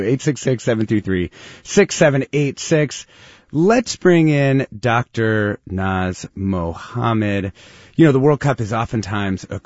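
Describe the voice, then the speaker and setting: A chatty man hosts a live radio interview with a bouncy, animated delivery. His studio sound is dry and a little muffled. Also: lowish voice, no echo. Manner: lively and chatty, laughs easily. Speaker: radio show host.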